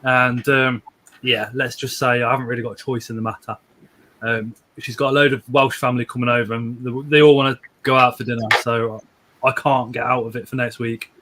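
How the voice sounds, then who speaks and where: A man's voice: mid-range voice, level tone, brisk, sharp tone, a little hiss or hum. A man hosting a casual live stream from home, rambling, repeating words and chuckling as he reads out viewer comments.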